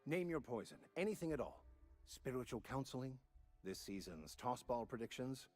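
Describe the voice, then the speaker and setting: A husky, theatrical game vicar. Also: male voice, medium pitch, moderate pace, faint music behind. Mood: genial. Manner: theatrical, lively and eloquent. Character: genial, talkative male frontier vicar. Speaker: village vicar. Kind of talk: video game dialogue.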